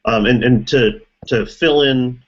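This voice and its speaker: A man's voice: mid-range voice, slow pace, slightly rough, dull audio. A man in a casual group discussion, thinking aloud as he explains things at length. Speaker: meeting participant.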